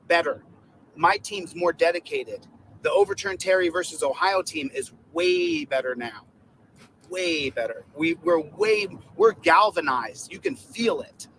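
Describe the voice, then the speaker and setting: A man's voice: a little high, a bit bright, a little hiss or hum, rough recording. Stumbling, exhorting man in a played clip. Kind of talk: rallying monologue.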